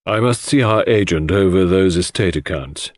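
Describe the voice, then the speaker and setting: A man's voice: low voice, normal speed, dry recording, lightly acted. A man doing a stiff, formal husband.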